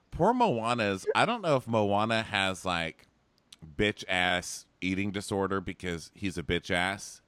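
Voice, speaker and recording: Bright-voiced man in animated comedic chat. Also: no echo. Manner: animated, mocking, does squeaky impressions. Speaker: podcast co-host. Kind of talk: casual comedic recap chat.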